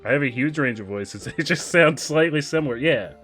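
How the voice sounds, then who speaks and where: Excitable man streaming a game. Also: fairly high pitch, faint music behind. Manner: excitable, quick asides, laughs easily. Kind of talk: casual gameplay chat with viewers.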